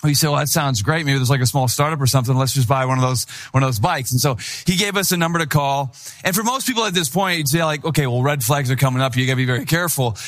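A man's voice: medium pitch, quick pace. Casual storytelling young male pastor. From Wisconsin. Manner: casual storytelling, acts out quoted dialogue. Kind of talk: sermon with personal story.

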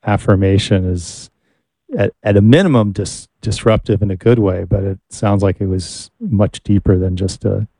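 A man's voice: lowish voice, steady tone, normal speed, mellow, dry recording. A man hosting an interview, asking questions in a thoughtful, hesitant way. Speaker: interview host.

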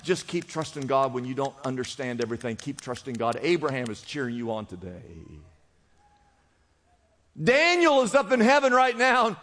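A man's voice: medium pitch, sing-song, moderate pace, fairly bright tone, a little hiss or hum. A man preaching a sermon as pastor, urging his listeners on with repeated exhortations. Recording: long hall reverb.

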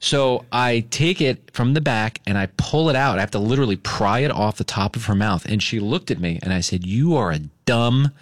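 A male radio host telling a story in casual chat, acting out quoted lines in a higher voice. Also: a little fast, few pauses, no echo, clean studio sound.

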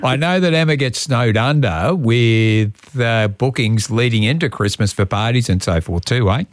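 A man's voice: medium pitch, moderate pace, no room sound. An Australian man hosting a radio segment, prompting his guest with brief easygoing questions. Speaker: radio host. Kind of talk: casual radio chat.

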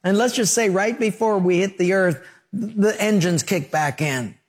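A man's voice: sits high, unhurried, breathy edge. A male pastor preaching a sermon, telling stories and acting out scenes and sound effects.

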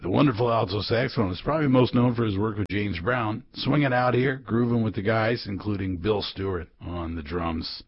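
A man's voice: low voice, gravelly, breathy edge. A man hosting a jazz radio show, chatting casually with rambling anecdotes and lots of filler words. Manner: relaxed, rambling, frequent uh fillers. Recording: dull lo-fi radio broadcast.

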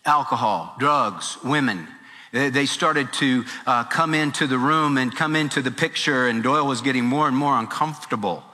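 A man preaching a sermon as pastor, telling a story with animated voices in the quotes. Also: mid-range voice, moderate pace. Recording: long reverb with faint music.

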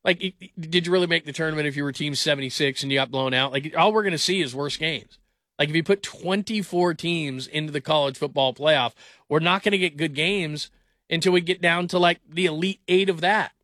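Sports talk host, male, middle-aged, emphatic rant, slightly high voice. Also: fairly quick, fairly bright tone, no room sound, clean studio sound. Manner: emphatic, ranting, repeats words for stress. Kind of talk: opinionated sports commentary monologue.

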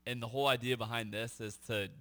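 A man's voice: medium pitch, steady tone, fast talker, bright, forceful tone. A man co-hosting a sports talk radio show, explaining points in an earnest way.

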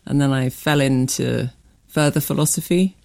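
A middle-aged woman, a writer and commentator, answering interview questions in a radio studio in a measured, hesitant way with many fillers. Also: very deep voice, creaky, darkish tone, dry recording. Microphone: studio microphone.

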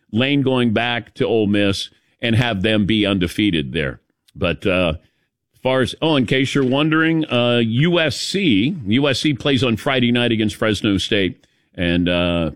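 A man's voice: mid-range voice, no room sound, studio quality. A man hosting a sports talk show, chatting loosely and laughing at his own stories. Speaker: sports talk radio host.

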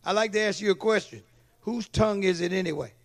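Man, pastor, high voice, sermon, calls for amen, checks congregation follows. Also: quick pace. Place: church.

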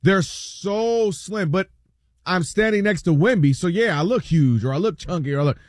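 Animated man in sports banter. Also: high-pitched, normal speed, dry recording, clean studio sound. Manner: animated, playful storytelling. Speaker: sports show co-host.

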